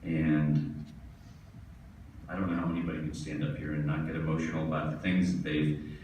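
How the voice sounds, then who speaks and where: A man's voice: a bass voice, flat delivery, normal speed, a little mellow, slight background noise. A man giving a hall of fame acceptance speech, telling funny stories and laughing along with them. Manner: storytelling, laughing at his own jokes. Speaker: tennis pro giving an induction speech. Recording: distant echoey hall recording.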